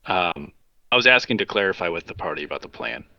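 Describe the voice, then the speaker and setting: A man with a very deep, gravelly voice talks hesitantly through his game moves. His tone is bright and edgy, but it comes through a dull, lo-fi mic with a dry sound. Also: lively intonation, fast, no echo. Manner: hesitant, full of ums. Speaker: player. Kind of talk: casual tabletop play.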